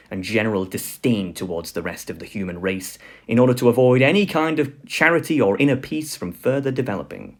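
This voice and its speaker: A man voicing a senior male demon, reading a scheming letter in a calm, measured way. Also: mid-range voice.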